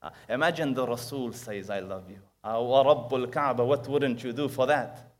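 A man preaching a sermon, telling a story with acted quotes and quick recited Arabic verses, moving between loud emphasis and hushed asides. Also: mid-range voice.

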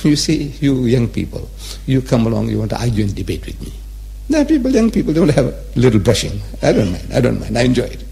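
A man's voice: medium pitch, very animated, fast, gravelly, mellow. A man in his seventies giving a public religious lecture, emphatic and repetitive, teasing his listeners with rhetorical questions. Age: 70s.

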